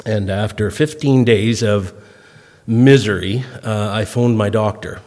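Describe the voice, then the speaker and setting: A man's voice: on the low side, measured pace, a little mellow. Folksy older man in a reverberant hall. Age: 50s. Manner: folksy, self-deprecating storyteller with comic timing. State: recovering from a cough, clears throat. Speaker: guest speaker. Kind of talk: humorous storytelling talk to a congregation.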